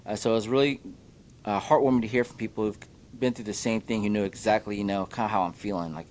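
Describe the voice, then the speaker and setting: A man with a Midwestern American accent chats on his podcast in a low, easygoing voice. He speaks haltingly and leans on fillers. A faint rumble runs underneath. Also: fairly even intonation, darkish tone. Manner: halting, with many fillers like "you know" and "like". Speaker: podcast host. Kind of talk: casual podcast chat.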